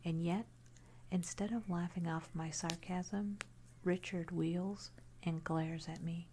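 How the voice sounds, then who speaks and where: A woman narrating a first-person horror story in a hushed, unvoiced whisper throughout. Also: on the low side, fairly even intonation, slow pace, a little hiss or hum.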